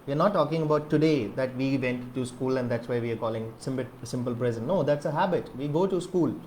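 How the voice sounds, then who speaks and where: A man's voice: medium pitch, fast, darkish tone, slight background noise. A man whose first language is Malayalam, teaching an English grammar lesson and filling his explanations with repeated okays and questions to the viewer.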